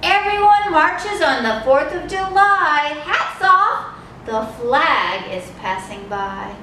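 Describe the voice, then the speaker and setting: A woman leading a children's storytime, reading aloud in a slow, sing-song, expressive way. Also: high voice, a little hiss or hum. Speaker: children's librarian. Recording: echoey room, mic far off.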